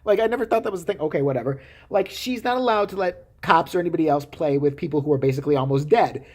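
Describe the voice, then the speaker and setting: A woman's voice: deep voice, fast, darkish tone, husky. A woman vlogger giving profane, sarcastic commentary with frequent swearing. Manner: sarcastic, swearing, laughing asides.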